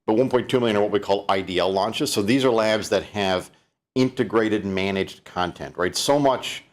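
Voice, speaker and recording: Low-voiced canadian guy doing a chatty keynote, lots of ums and restarts. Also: normal speed. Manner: conversational, fillers, many restarts. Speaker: keynote presenter. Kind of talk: live-streamed keynote talk.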